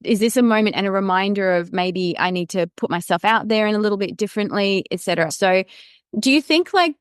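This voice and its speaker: Smooth-voiced woman hosting a podcast. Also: mid-range voice, fast, no echo, studio quality. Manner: affirming, encouraging. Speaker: podcast host. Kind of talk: casual podcast interview.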